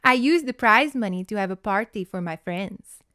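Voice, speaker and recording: A woman's voice: medium pitch, lively intonation, normal speed, a bit bright, clean tone, no echo, studio quality, close to an everyday voice. Woman putting on a smug bragging young girl.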